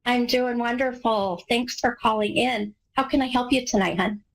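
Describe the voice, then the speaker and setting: A woman's voice: on the high side, normal speed, low-quality recording. An American woman hosting a live call-in psychic radio show, talking in an effusive, gushing way with many fillers. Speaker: radio psychic medium host.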